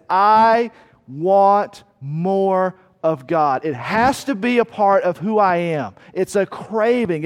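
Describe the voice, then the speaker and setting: High-voiced animated preacher man. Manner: animated, acts out voices and cries, rhetorical repetition. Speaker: pastor. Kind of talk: sermon.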